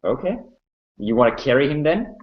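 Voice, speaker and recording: A man narrating a tabletop game as game master, calm and descriptive with some fillers, on a muffled lo-fi recording. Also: mid-range voice, moderate pace.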